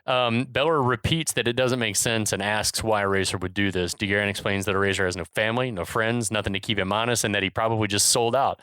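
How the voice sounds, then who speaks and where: A man's voice: on the low side, fairly even intonation, a little fast, few pauses, sharp tone, clean tone, no room sound. A man co-hosting a podcast, casually recapping a film scene by scene and acting out lines. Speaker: podcast co-host. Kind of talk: casual movie recap chat.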